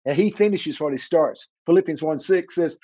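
A man preaching on a talk show, fervent and fast, often repeating and stumbling over his words. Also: a little high, dark tone, no room sound, lo-fi sound. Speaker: guest preacher.

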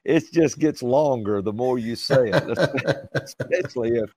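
A middle-aged man with an Alabama Southern accent tells a folksy, joking story as a guest. His delivery is unhurried and playful, drawing the words out. The sound is dry and close, with no room echo. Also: medium pitch, darkish tone. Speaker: guest minister.

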